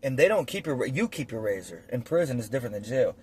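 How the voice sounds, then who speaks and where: A man's voice: medium pitch, very animated, fast talker, a little hiss or hum. A man telling prison stories in a blunt, profane, rambling way with lots of fillers, as a casual monologue recorded on a phone. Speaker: storyteller recounting prison life.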